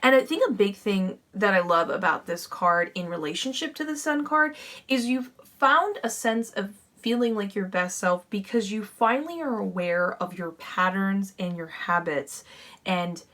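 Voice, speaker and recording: A woman's voice: medium pitch, fairly bright tone. A woman giving a casual, upbeat tarot reading to camera. She talks chattily and often corrects herself mid-sentence. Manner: bubbly, chatty, with fillers and self-corrections. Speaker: tarot reader.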